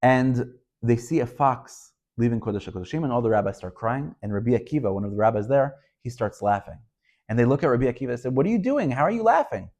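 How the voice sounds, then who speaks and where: A man's voice: mid-range voice, quick pace, a little mellow. A man, a rabbi, teaching a Torah lesson, speaking emphatically and pressing rhetorical questions as he tells stories. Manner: storytelling delivery.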